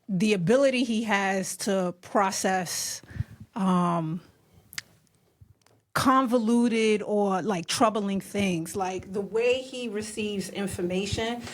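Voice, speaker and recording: A woman guest on a podcast, reflective, searching for her words with pauses. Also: mid-range voice. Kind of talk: casual conversation.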